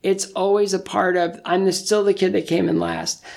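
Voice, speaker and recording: Gravelly middle-aged man telling stories. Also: high-pitched, level tone, moderate pace, darkish tone. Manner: self-deprecating, joking. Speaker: guest. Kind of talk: casual interview storytelling.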